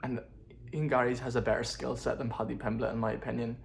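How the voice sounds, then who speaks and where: A man's voice: mid-range voice, little pitch movement, fast, gravelly, slight background noise. A man talking casually to camera as a fight-sports YouTuber, opinionated and chatty, often thinking aloud. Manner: chatty, opinionated, laughs at his own jokes. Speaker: MMA commentary YouTuber. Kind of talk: casual vlog commentary.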